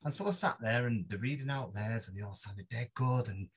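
A man's voice: medium pitch, brisk, husky. A man with a Mancunian accent, a podcast guest, telling stories in a rambling, self-deprecating way with many restarts. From Manchester, England. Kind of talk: casual interview chat.

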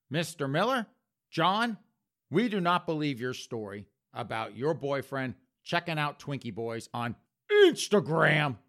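A man's voice: on the high side, a bit bright. A man telling a comic story in a punchy way, addressing his audience as folks. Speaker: comedian. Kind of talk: comedic storytelling.

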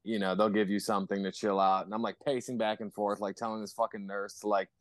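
A man's voice: on the low side, little pitch movement, quick pace, dry recording. A man talking in casual podcast chat as a guest musician, rambling with lots of swearing and fillers.

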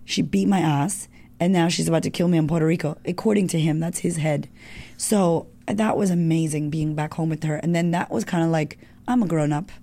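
A woman's voice: sits low, fairly even intonation, a little fast, mellow. A middle-aged woman telling her own life story in an interview, frank and emotional, swearing freely. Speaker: guest. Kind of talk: candid personal storytelling.

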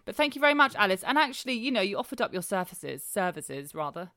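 A woman's voice: medium pitch, sing-song, fast talker, sharp tone, no room sound, studio quality. A woman co-hosting a podcast, chatting casually and self-deprecatingly about her son and her year. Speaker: podcast co-host. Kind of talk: casual chat.

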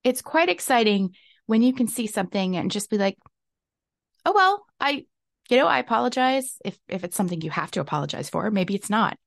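Candid woman podcaster with a gravelly edge. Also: medium pitch, expressive, fast, no echo, clean studio sound. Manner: candid, self-reflective, laughs often. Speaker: podcast host. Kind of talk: casual solo podcast talk.

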